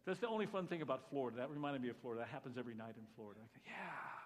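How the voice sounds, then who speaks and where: A man pastor preaching a sermon, talking to the congregation with asides, swinging between loud exclamations and hushed quiet remarks. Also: medium pitch, very fast, a little hiss or hum. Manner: conversational, with jokes to the congregation. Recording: long reverb of a large hall.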